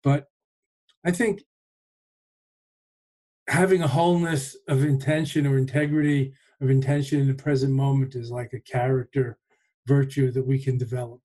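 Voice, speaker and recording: A man in a reflective conversation, speaking in a measured, thoughtful way and often pausing to find his words. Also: medium pitch, level tone, dark tone, low-quality recording.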